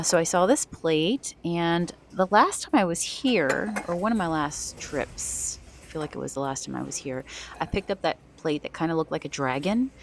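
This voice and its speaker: A low-pitched woman talks through her thrift store finds in a chatty, enthusiastic way, with rambling asides. Faint store noise hums behind her. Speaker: thrift reseller vlogger. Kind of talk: casual vlog narration.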